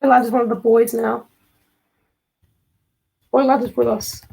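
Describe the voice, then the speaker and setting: A woman's voice: fairly high pitch, little pitch movement, normal speed, creaky, warm tone, husky, rough recording. A woman chatting casually on a live stream. She rambles, jokes and gets easily sidetracked.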